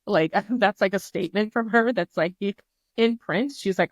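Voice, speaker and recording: A woman's voice: medium pitch, normal speed, no echo. A woman talking as a podcast guest in casual chat, candid and chatty, cursing freely and circling back on herself. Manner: candid, chatty, swears freely, many fillers and restarts.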